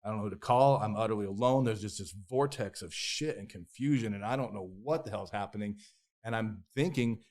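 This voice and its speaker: A man with a fairly low-pitched voice, a guest on an interview podcast, recounting his own story. He talks in a raw, emotional way, swears freely and restarts his sentences often. He also voices his past thoughts as quoted self-talk. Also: brisk, darkish tone. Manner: raw, profane and emotional, with many restarts and repeated phrases.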